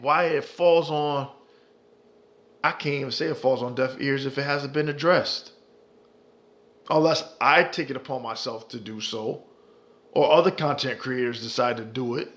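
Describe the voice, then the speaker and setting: A man's voice: fairly high pitch, fairly bright tone. A man delivering impassioned ranting commentary, profane and heated, repeating phrases for emphasis. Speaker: commentary vlogger.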